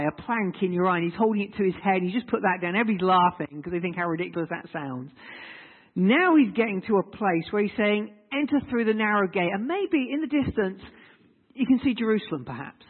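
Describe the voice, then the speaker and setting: A man's voice: sits high, breathy edge. A man preaching informally to people at tables, chatty and teasing, repeating his questions to the room. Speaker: preacher leading a group session. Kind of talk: informal sermon with audience discussion. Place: large hall with tables. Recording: tinny lo-fi audio in a reverberant hall.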